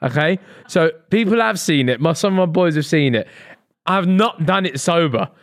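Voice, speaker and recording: A young man co-hosting a podcast, his voice sitting a little high. He talks casually, swears freely and laughs a lot. It sounds close and dry, like a studio mic. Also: lively intonation, moderate pace, dry recording. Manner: sweary, jokey, laughs often. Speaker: podcast co-host. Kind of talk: casual chat.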